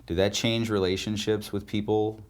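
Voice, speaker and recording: A man's voice: fairly low pitch, flat delivery, moderate pace. A man hosting a podcast, asking conversational questions that prompt the guest to go on. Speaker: podcast host. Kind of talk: interview questions. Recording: voice from off-mic.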